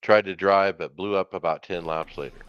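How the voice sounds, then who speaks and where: A man's voice: sits low, fairly even intonation, a little fast, clear, resonant tone, no room sound, dull audio. A man hosting a casual podcast, running through race results and calling on his co-hosts. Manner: runs the segment, calls on co-hosts. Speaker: podcast host. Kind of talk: casual chat.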